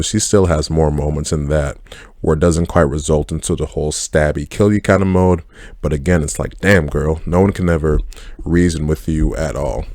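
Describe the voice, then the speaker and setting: In a rumbling low, darkish voice, a film and TV reviewer casually and bluntly reviews a TV series, swearing freely and giving candid opinions. The recording is studio quality with no room sound.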